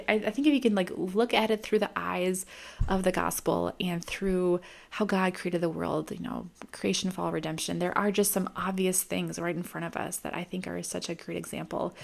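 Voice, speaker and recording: A young woman talks to camera about a film she has seen, in a casual and reflective way, often pausing on "um" and "like" as she gathers her thoughts. Her voice sits a little low, with a gravelly fry running through it. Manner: thoughtful, musing, many ums and likes. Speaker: mom vlogger reviewing a film.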